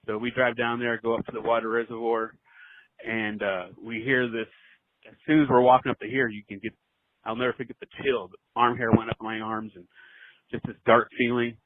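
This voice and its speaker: A man's voice: mid-range voice, little pitch movement, no room sound. Man telling a ghost story over the phone. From Southern California. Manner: earnest, halting, many fillers. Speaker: voicemail caller. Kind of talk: storytelling voicemail. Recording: tinny phone line.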